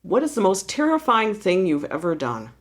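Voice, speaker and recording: Woman host firing off quick questions. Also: mid-range voice, huge pitch swings. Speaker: podcast co-host. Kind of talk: lightning-round interview questions.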